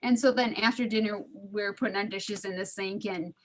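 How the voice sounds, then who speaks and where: A woman's voice: medium pitch, steady tone, normal speed. A middle-aged woman chatting casually on a video call, laughing often and acting out the voices in a story. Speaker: study group participant. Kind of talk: casual storytelling in an online group.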